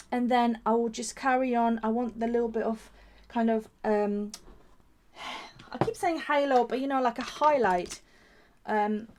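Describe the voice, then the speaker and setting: A woman with a slightly high voice walks viewers through a craft technique step by step, thinking aloud as she goes. She keeps admiring each result, warmly enthusiastic and chatty. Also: background noise. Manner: gushing, admiring her own work. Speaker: craft shop founder and demonstrator. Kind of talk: live craft demonstration.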